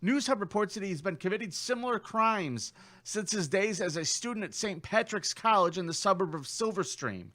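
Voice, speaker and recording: Brief: profane male comedy co-host, deadpan, high bright voice. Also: normal speed. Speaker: podcast co-host. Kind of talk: casual comedy chat.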